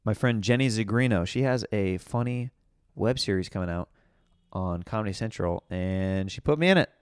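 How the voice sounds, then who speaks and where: A young man hosting his own podcast, chatting casually and excitably on his own and laughing often. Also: on the low side, normal speed, clear, resonant tone, dry recording, clean studio sound. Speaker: podcast host. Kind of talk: casual solo podcast chat.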